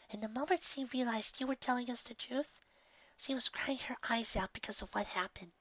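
A woman voicing a gentle, motherly female pegasus pony, speaking in a soft, breathy near-whisper, in a slightly muffled lo-fi recording. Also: high voice, no echo, voice pushed up.

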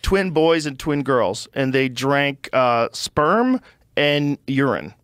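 Profane animated man telling stories. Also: mid-range voice, slow pace, clean tone, no room sound, clean studio sound. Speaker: podcast host. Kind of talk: casual storytelling chat. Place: podcast studio. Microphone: studio mic.

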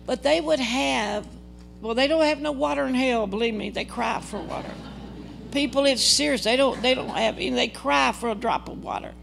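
Older woman preaching, gravelly voice. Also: a little high, normal speed, soft background music. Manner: earnest, dramatic storytelling with quoted dialogue. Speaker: guest preacher. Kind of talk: testimony sermon. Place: church service.

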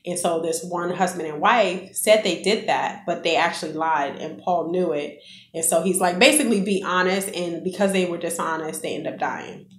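A woman's voice: on the low side, normal speed, slight background noise. Earnest woman vlogger in an echoey room. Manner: earnest, preachy, addresses viewers as guys. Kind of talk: casual faith testimony.

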